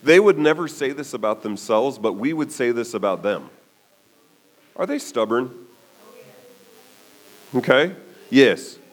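A man preaching a sermon as a pastor, telling the story with animated delivery and often checking in with "okay?". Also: mid-range voice, unhurried, pauses often.

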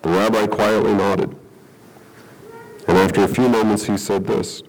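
A man's voice: lowish voice, flat delivery, moderate pace, a little mellow, rough recording. A man preaching a sermon, telling a story and then reading scripture in a conversational way. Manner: conversational, checks in with "okay?". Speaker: pastor.

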